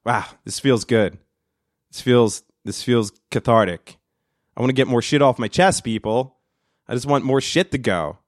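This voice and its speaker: A middle-aged man hosting a solo podcast, ranting with lots of swearing and breaking into loud screams. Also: medium pitch, moderate pace, no echo, clean studio sound. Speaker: podcast host. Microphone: studio mic.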